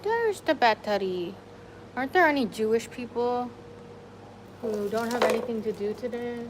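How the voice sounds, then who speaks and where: A woman's voice: on the high side, steady tone, normal speed, slight background noise, rough recording. A woman vlogger chatting casually on a livestream at home, slipping into cooing baby talk to her dogs.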